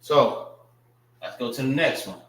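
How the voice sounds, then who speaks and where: Man teaching a class, very slow and patient with his words, in an echoey classroom. Mid-range voice. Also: mid-range voice, fairly bright tone. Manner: patient, repeats words slowly, spells them out. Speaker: class instructor. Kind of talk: classroom lesson on writing and pronunciation.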